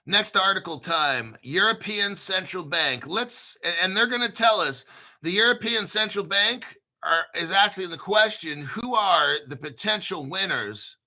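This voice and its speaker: An American man hosting a casual commentary, brash and profane, joking around and often clearing his throat. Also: sits high, lively intonation, measured pace, bright, forceful tone. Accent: General American. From United States. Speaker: crypto video host. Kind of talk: casual commentary reading articles.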